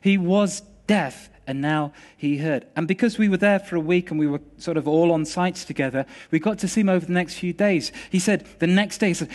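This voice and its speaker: A man with a notably high voice delivers a sermon as a personal story. He talks in a casual, animated way, tripping over words now and then as he tells it. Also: fairly quick, hardly any pauses. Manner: animated, conversational storytelling with restarts. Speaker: preacher.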